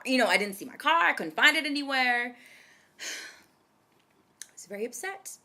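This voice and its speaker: A woman's voice: mid-range voice, normal speed, long pauses. A woman in her twenties telling a personal story to her viewers in a casual vlog, dramatic and chatty. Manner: animated, dramatic storytelling that addresses viewers directly. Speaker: vlogger.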